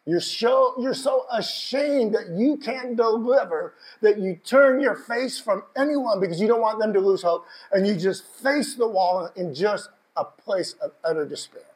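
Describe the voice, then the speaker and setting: A male preacher delivering an emotional sermon, moving from hushed reflection to fervent, raised exhortation. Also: high-pitched, measured pace, hardly any pauses, low-quality recording. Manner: passionate, building from hushed to shouting.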